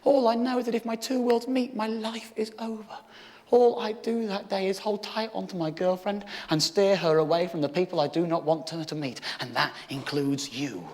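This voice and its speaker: Ranting British male stand-up, high voice. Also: fairly even intonation, normal speed. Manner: loud, ranting and sweary, swinging to quiet confessional. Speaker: stand-up comedian. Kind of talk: live stand-up storytelling. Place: theatre stage before a live audience. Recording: reverberant hall with audience noise.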